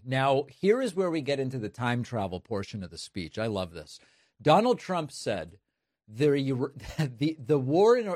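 Sarcastic political commentator, male, mid-pitched, dry studio sound. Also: darkish tone, no room sound. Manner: emphatic, sarcastic. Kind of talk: opinion commentary.

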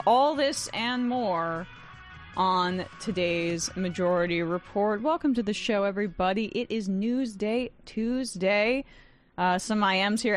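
A woman's voice: medium pitch, a bit bright. A young adult woman hosting a news talk show, reading headlines and commenting in a casual, sarcastic way with frequent laughs. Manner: wry and sarcastic, quick to laugh. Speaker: fill-in news show host.

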